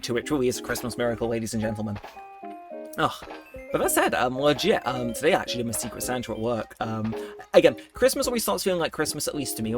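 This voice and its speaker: A young man talks his way through a video game in a loose, rambling, self-mocking way, often laughing at himself. His voice sits in an everyday middle register. Soft game music plays faintly behind him. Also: medium pitch. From United Kingdom. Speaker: let's play host. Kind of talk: casual gameplay commentary.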